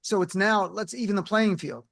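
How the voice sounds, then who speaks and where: A man hosting a radio talk show, chatting and telling quick anecdotes to his guests. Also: sits high, steady tone, creaky, a bit bright, no echo, clean studio sound.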